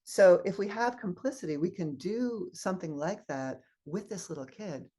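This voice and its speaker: A woman's voice: fairly low pitch, moderate pace, slightly rough. A woman guest minister giving a sermon, telling personal stories and acting out the voices of people in them. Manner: animated storyteller acting out quoted voices. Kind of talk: sermon with storytelling.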